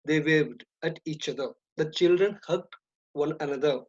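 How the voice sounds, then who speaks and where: A woman teaching an English grammar lesson, speaking deliberately, repeating and stressing key terms. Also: low-pitched, husky. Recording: dull lo-fi recording.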